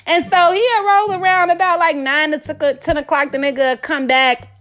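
A woman telling a dating story in a casual, animated, profane way, often checking in with the listener. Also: sits high, a little fast, few pauses, faint music behind. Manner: animated, profane, keeps asking "you get what I'm saying".

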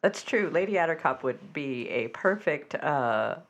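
A woman co-hosting a comedy podcast, talking in a low-key, halting way with dry, agreeing replies. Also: lively intonation, highs cut off. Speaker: podcast co-host. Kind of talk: casual comedic chat.

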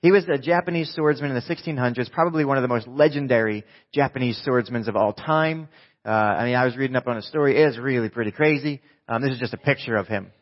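A man preaching to his congregation in a loose, conversational way, tossing out quick questions and jokes between his points. His pitch sits in the middle of the male range, and the recording is dull and lo-fi. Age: adult, married with a wife. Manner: lively, jokey, quizzes the audience with quick questions. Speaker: pastor. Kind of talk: conversational sermon to a live congregation. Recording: dull lo-fi sound.

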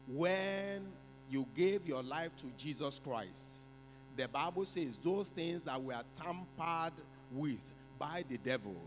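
A man with a high, gravelly voice preaches at an unhurried pace, leading his congregation through repeated call-and-response declarations. He exhorts and repeats phrases for the church to echo back. The voice rings with a long church reverb over faint background music. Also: fairly bright tone. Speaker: pastor.

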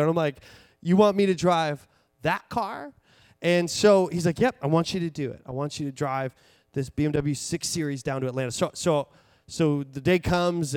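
A young man in his twenties preaching, telling a story with lively, rambling energy and many restarts. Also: a little high, dry recording, clean studio sound. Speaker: pastor. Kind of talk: sermon. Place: church.

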